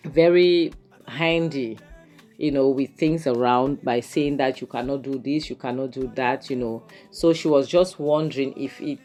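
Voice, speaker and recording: A young woman with a Nigerian accent talks casually to her viewers as she recaps and judges a drama episode. Her voice sits low, and she leans on filler phrases as she goes. Faint music plays in the background. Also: darkish tone. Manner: chatty, lots of "you know" and "to her it was more like". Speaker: vlogger reviewing a series. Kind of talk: casual video commentary.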